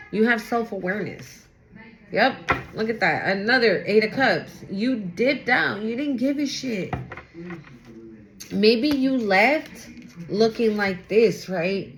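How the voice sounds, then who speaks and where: A woman reads tarot for her viewers in a loose, chatty way. She is blunt and swears freely. She talks aloud to spirit as she goes, at a middling pitch with a faint hiss behind her. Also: fairly bright tone. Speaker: tarot reader. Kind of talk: casual tarot reading to camera.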